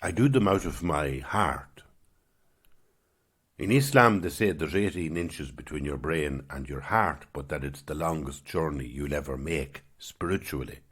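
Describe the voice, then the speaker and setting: Male podcast host, reflective spiritual talk, very low husky voice, gravelly edge. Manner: gentle, musing, unhurried.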